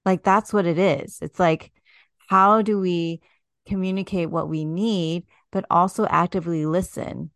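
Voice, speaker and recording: Woman podcast host, fairly low voice, emphatic, dry close recording. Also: steady tone, a little slow, a bit bright, no room sound. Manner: emphatic, addresses listeners directly. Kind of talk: casual podcast chat.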